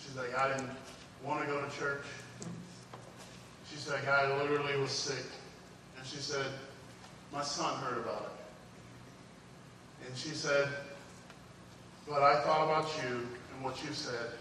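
A man preaching a sermon through a story, moving between loud emphatic preaching and hushed retold dialogue. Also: medium pitch, steady tone, a little slow, long pauses, a little hiss or hum. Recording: echoey hall from far off, faint ambience.

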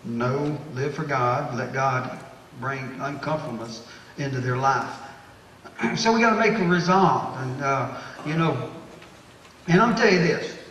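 A man, a pastor preaching a sermon to his church group, exhorting and repeating phrases as he builds to loud, emphatic bursts. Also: mid-range voice, slight background noise. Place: church hall. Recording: echoey hall, distant mic.

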